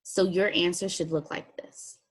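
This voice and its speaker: Husky-voiced woman teacher giving instructions. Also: lowish voice, steady tone, normal speed. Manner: step-by-step instructive, plain and practical. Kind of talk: recorded classroom lesson walkthrough.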